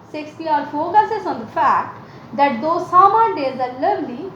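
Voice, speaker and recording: A woman teaching, explaining a sonnet's rhyme and meter line by line in a slow, careful way. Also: sits high, reverberant, dull audio, slight background noise.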